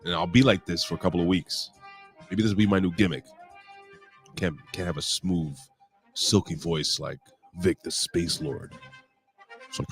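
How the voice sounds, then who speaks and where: A hoarse man hosting a casual wrestling review show, rambling, joking and swearing freely. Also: low voice, steady tone, normal speed, long pauses, faint music behind. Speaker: podcast host.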